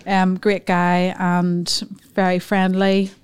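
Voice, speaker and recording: A woman's voice: lowish voice, completely flat delivery, slow pace, a little mellow, smooth. A woman co-hosting a football podcast, chatting in a friendly, teasing way. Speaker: podcast co-host. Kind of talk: casual podcast chat.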